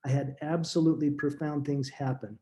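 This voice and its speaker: A middle-aged man telling a deeply personal story as a podcast guest, earnest and halting, often restarting his words. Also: flat delivery, warm tone.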